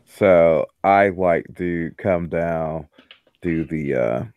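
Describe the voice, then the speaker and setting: A young man describing his moves in a tabletop game, laid-back and joking as he draws his words out. His voice sits very low and sounds dry and close. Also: very slow, dry recording, phone-quality sound. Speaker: player.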